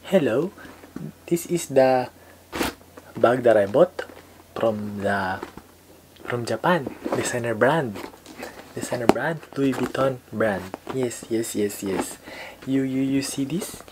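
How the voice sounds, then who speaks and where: A man's voice: medium pitch, takes it slowly, long pauses, noisy background, close to an everyday voice. A man with a Filipino accent voicing an overeager male bag seller who repeats himself in a hard sell. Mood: pushy sales pitch.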